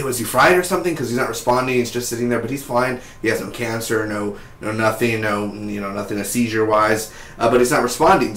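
A man giving a casual, excited spoiler review of a TV episode, chatty and tossing in "man" and "dude.". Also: on the low side, echoey room, rough recording. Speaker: TV show reviewer.

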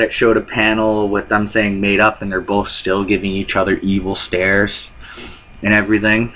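A man reacting to a manga chapter, reading its dialogue aloud and switching into quick character voices between his own comments. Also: lowish voice, dull audio. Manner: reads character lines in quick put-on voices between plain remarks.

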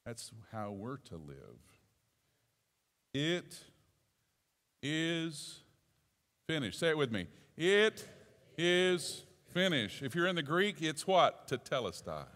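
A male pastor preaching a sermon, swinging from quiet asides to shouted exclamations. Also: fairly high pitch. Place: church sanctuary. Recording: long church reverb.

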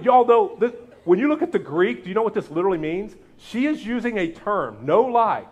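A man preaching a sermon as pastor, acting out quotes with big jumps in his voice. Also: husky. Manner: animated, acts out quotes with big pitch jumps.

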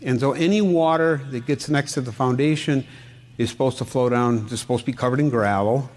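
A middle-aged home inspector from Wisconsin talks a little fast in a mid-range voice with a darkish tone. His conversational seminar talk is folksy, with anecdotes and questions thrown out to the audience.

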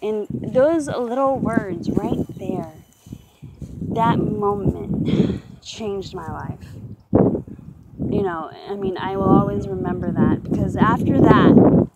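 A woman tells her personal faith testimony at an unhurried pace. She talks earnestly, with halting restarts and many "you know"s. Loud outdoor noise from a rural setting runs underneath her voice. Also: mid-range voice, very animated, vocal fry. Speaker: testimony speaker.

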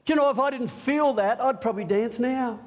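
In an extremely high voice and at a fairly quick clip, a middle-aged pastor gives an Easter sermon in church. He's animated and jokey, drawing the congregation in and talking with them as he goes.

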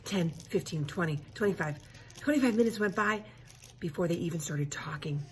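A woman reading a children's book aloud expressively, pausing to explain the story to listeners. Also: lowish voice, a little hiss or hum. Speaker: reader.

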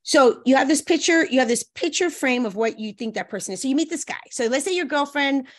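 Woman, high voice, relationship coach, animated guest chat, slips into playful quoted voices. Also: brisk.

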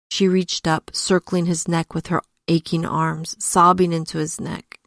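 Low, gravelly woman storyteller. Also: level tone, normal speed, hardly any pauses, fairly bright tone, dry recording, clean studio sound. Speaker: podcast host and storyteller. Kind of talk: storytelling narration with commentary.

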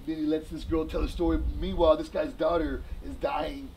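A man in casual chat retelling a story in an animated, slangy way with lots of fillers. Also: a little high, fast, gravelly, hardly any pauses, slight background noise, rough recording.

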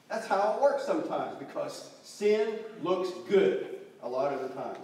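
A man's voice: high voice, expressive, a little slow, darkish tone. A man preaching a sermon in a church, telling stories animatedly and acting out the voices of the people in them. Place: church sanctuary. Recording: distant, very echoey church recording with faint noise.

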